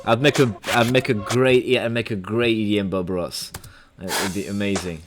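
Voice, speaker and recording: A man's voice: lowish voice, steady tone, normal speed. A man with a French accent, a music producer giving a casual, rambling, playful livestream tutorial.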